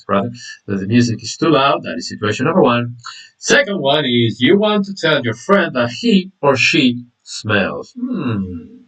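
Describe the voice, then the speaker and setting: Lively male English teacher, far from mic. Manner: lively, acts out example phrases with big pitch jumps. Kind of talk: online language lesson.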